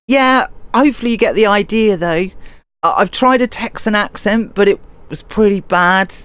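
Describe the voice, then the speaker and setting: A woman's voice: mid-range voice, moderate pace, a bit bright, smooth. A woman hosting a live stream, chatting casually and affectionately as she reads out viewer comments. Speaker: livestream radio host.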